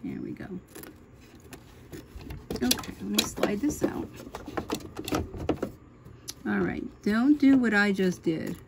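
A woman's voice: mid-range voice, animated, slow pace, gravelly, long pauses. A middle-aged woman hosting a casual embroidery tutorial from her home sewing room, chatting and thinking aloud as she works. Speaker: sewing channel host. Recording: noisy home recording with machine hum. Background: sewing machine running.

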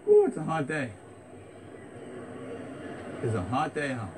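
A man's voice: fairly high pitch, huge pitch swings, a little slow. A man hosting a comedic vlog, hyped and out of breath, repeating himself as he walks outdoors. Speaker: parody vlogger host. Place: outdoors on a busy street. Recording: loud street noise.

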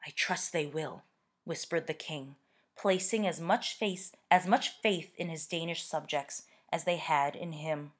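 Slow, low-voiced woman reading aloud. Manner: slow, expressive, deliberate. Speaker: teacher reading to students. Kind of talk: reading a picture book aloud.

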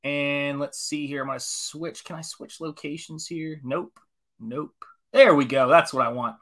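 A man in his forties, an artist, chats casually on a live stream while he paints, greeting viewers in an enthusiastic, rambling way. His voice sits a little high and sounds a bit bright, with a steady tone and an unhurried pace.

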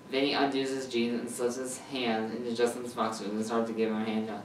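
A man's voice: mid-range voice, level tone, a little fast, hardly any pauses, a little hiss or hum. A young man reading his fan story aloud in an amateur way, stumbling and repeating words, on a distant mic in a roomy space.

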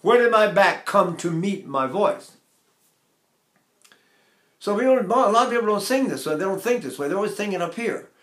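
A man's voice: high-pitched, expressive, normal speed, pauses often, a bit bright. Older male voice teacher, echoey room. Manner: demonstrates with sung vowels and asks rhetorical questions. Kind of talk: vocal technique lesson.

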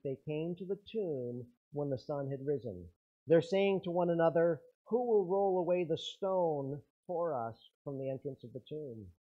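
Earnest preaching man, slightly high voice. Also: narrow, tinny audio. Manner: earnest preaching, rises and falls in intensity. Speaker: pastor. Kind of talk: sermon.

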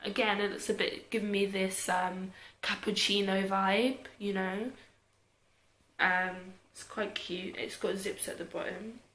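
A woman's voice: mid-range voice, steady tone, a little slow, fairly bright tone, slight background noise. Chatty young British woman, echoey room. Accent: British English. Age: young adult. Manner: chatty, self-mocking, trailing off into mutters. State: tired. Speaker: YouTuber. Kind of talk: casual clothing haul.

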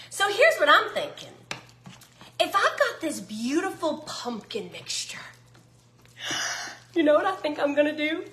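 A high, lively-voiced woman with a Southern US drawl talks her audience through a recipe in a casual cooking vlog. Her tone is bright and folksy, full of self-teasing asides. The sound carries the echo of a home kitchen. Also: unhurried.

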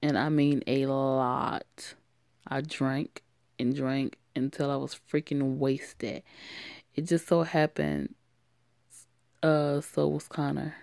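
A young woman narrating her own story in a casual, deadpan style, with the odd curse word. Her voice is low and unhurried with a gravelly fry, recorded dry and close. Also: dry recording. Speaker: narrator and voice actor. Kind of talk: first-person story narration.

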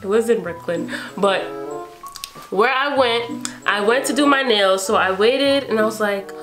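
A woman's voice: fairly high pitch, a little slow. A young woman in her twenties from New York, casually telling a story and animatedly acting out her own reactions, with music playing behind her. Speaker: beauty vlogger.

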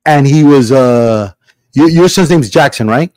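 A middle-aged man hosting a podcast in casual chat, an animated storyteller who acts out quotes in big voices. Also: mid-range voice, measured pace, no echo. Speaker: podcast host.

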